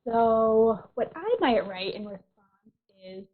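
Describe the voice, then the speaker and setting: A woman counselor leads an online workshop in a gentle, reassuring voice, pitched a little high, and keeps clearing a tickle from her throat. The sound is thin and tinny, like a phone line, from a computer mic on a video call. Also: expressive, slow pace.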